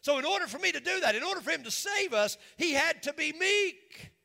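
A man's voice: very high-pitched, lively intonation, a little fast, creaky, bright, forceful tone. A man preaching a sermon in a church, with an emphatic, repetitive cadence. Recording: long reverb of a large hall.

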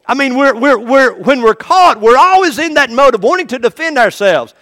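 A man's voice: very high voice, animated, normal speed, fairly bright tone, big-room sound. A man preaching a sermon in a folksy, emphatic storytelling manner.

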